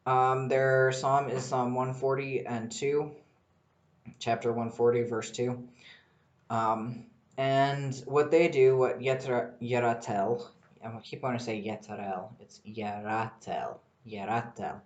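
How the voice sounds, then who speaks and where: A man hosting a casual solo podcast in a rambling, excitable way, with frequent swearing. His voice sits at an ordinary middle pitch. The room around him is noticeably echoey. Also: slow pace, dull audio. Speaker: podcast host.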